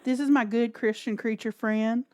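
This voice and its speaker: A woman's voice: on the high side, fairly even intonation, moderate pace, warm tone. A woman hosting a livestream, reacting to a video with crude jokes and frequent laughter. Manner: crude, joking, laughs often. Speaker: podcast host. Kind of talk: casual livestream commentary.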